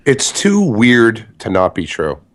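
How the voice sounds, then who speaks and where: A man's voice: fairly low pitch, huge pitch swings, takes it slowly. A young adult man co-hosting a podcast in casual chat, joking sarcastically and swearing freely. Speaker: podcast co-host.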